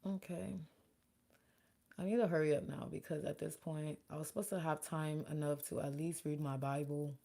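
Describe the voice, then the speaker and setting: This makeup artist and beauty vlogger, a young woman, has a low voice with vocal fry and a moderate pace. Doing her makeup, she chats casually and animatedly with her audience, addressing viewers and chat alike.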